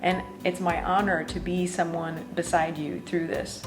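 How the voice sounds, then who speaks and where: A woman's voice: on the low side, flat delivery, a little slow, over music. A woman host and life coach speaking in an affirming, spiritual way to her guest. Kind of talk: supportive interview talk.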